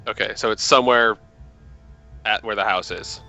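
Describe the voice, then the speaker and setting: A man's voice: fairly low pitch, moderate pace, sharp tone, faint music behind, poor audio. A man playing a tabletop game, chatting casually and questioning the game master. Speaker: player.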